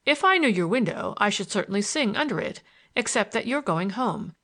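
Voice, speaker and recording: A woman reading the lines of a smitten young gentleman in an audiobook, earnest and a little awkward. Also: mid-range voice, animated, brisk. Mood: gallant. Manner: earnest, gallant, slightly awkward.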